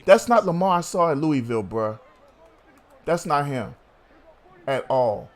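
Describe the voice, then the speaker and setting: A man's voice: fairly high pitch, lively intonation, a little slow. A man hosting a sports talk show, arguing heatedly with a co-host, swearing and calling him bruh.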